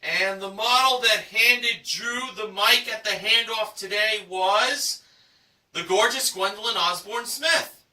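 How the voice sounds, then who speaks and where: A man hosting a game show recap, reading the results in a showy announcer style with drawn-out shouted prices. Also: sits high, roomy sound, distant mic. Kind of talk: enthusiastic scripted recap narration.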